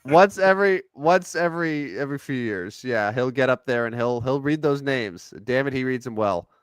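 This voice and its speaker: A man co-hosting a sports podcast, chatting casually about basketball stats and players with an animated delivery. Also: medium pitch, normal speed, smooth, no echo. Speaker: podcast co-host. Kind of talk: casual sports chat and game commentary.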